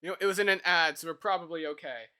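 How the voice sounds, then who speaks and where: A man's voice: a little high, fast talker, bright, forceful tone, clear, resonant tone. A man chatting casually on a live stream while he codes, thinking aloud, laughing easily and poking fun at himself.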